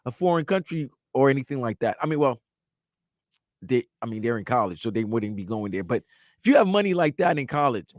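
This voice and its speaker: A man's voice: mid-range voice, very animated, brisk, no echo, clean studio sound. A man co-hosting sports talk radio, chatting casually with his partner.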